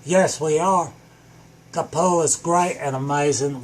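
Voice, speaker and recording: A man with a high voice rants through an improvised comedy bit in a manic, rambling way. He keeps breaking into sudden shouts. A faint hum sits behind him. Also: unhurried. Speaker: comedic vlogger.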